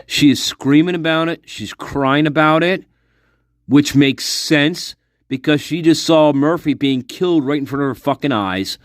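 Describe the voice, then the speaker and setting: Speaking unhurriedly in a voice on the high side, a man talks to his viewers in a casual monologue. As an online commentator, he speculates intensely and profanely and keeps repeating himself. The audio is studio quality with no room sound.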